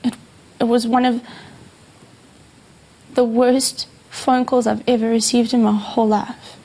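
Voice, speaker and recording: A woman in an interview recounting a painful phone call, halting and repeating herself. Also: fairly high pitch, little pitch movement, dark tone. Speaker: housemate, interviewee. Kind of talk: emotional interview account.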